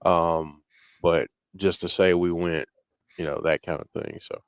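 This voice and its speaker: A man's voice: low voice, level tone, measured pace, clean tone, no echo. An American man co-hosting a wrestling watch-along, laid-back, with short replies and dry jokes. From United States. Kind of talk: casual live commentary chat.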